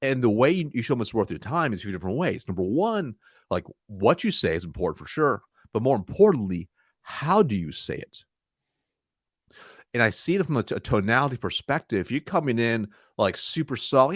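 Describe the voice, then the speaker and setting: A man answering interview questions about sales calls, energetic, acting out timid and confident voices. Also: brisk, slightly rough, dry recording, clean studio sound. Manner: energetic, demonstrates weak and confident tones by shifting his pitch. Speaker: sales consultant, guest.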